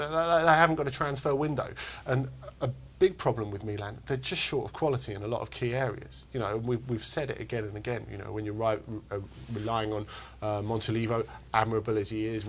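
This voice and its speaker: A man's voice: medium pitch, slight background noise. A man co-hosting a football chat, talking eagerly and restarting his sentences. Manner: eager, stammering restarts, heaps of you know. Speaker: co-host.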